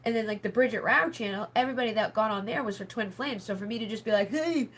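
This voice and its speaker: A woman's voice: mid-range voice, steady tone, quick pace, a bit bright, a little hiss or hum. A woman hosting a casual livestream for her members, rambling with lots of filler words and frank swearing. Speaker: spiritual healer hosting a members' live stream.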